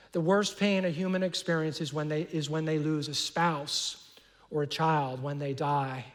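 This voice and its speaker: A middle-aged man preaching a sermon as pastor, earnest, often restarting and repeating words, dropping soft and low on painful words. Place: large church auditorium. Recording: long hall reverb.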